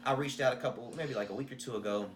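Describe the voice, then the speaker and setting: A man's voice: mid-range voice, very fast, a little hiss or hum. A man co-hosting a podcast, talking earnestly and reflectively in casual chat. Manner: earnest, reflective, quotes others in raised voice. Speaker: podcast co-host.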